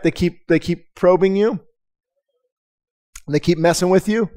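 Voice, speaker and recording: A man's voice: on the high side, a little mellow. A man preaching a conversational sermon to his congregation, candid and emphatic, often repeating words and asking the room direct questions. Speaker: pastor. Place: church service.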